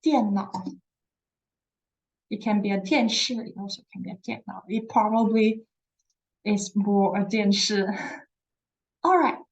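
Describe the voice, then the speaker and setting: A woman teaching a beginner Chinese lesson, repeating words slowly and encouraging her learners. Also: medium pitch, dull audio. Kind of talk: slow, patient language lesson.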